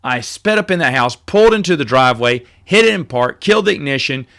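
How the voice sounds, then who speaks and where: A man's voice: mid-range voice, lively intonation, brisk, a bit bright. A man hosting a podcast, telling rambling, self-correcting stories in a casual monologue. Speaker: podcast host.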